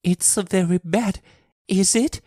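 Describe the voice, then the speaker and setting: A man's voice: sits high, slow pace, mellow, no room sound, studio quality, pitched above the performer's own voice. A man voicing a worried, frightened mother in a storybook reading, crying out anxiously and wildly. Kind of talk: storybook reading with character voices.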